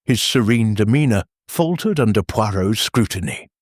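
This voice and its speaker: A man narrating a mystery audiobook in a measured storytelling manner. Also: lowish voice, lively intonation, dry recording, studio quality.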